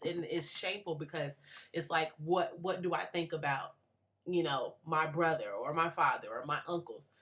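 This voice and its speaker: A woman's voice: sits low, a bit bright. A woman in her late twenties giving an earnest, thoughtful spoken reflection on a book for a class, with frequent restarts. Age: late 20s. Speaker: graduate student.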